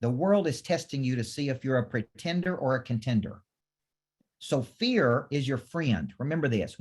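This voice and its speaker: A man coaching salespeople with hard, repeated emphasis. His voice sits at an ordinary middle pitch, and he keeps checking that everyone is with him. It sounds like a live training session. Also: expressive, normal speed, darkish tone, slightly rough. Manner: emphatic, repetitive, asks audience for affirmation. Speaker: business coach. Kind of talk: motivational training talk.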